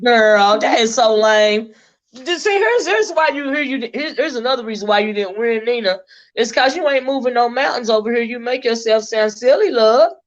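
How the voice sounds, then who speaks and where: A woman's voice: fairly high pitch, expressive, moderate pace. A woman hosting a casual panel chat, sassy and teasing, laughing often. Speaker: channel host. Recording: dull lo-fi stream audio.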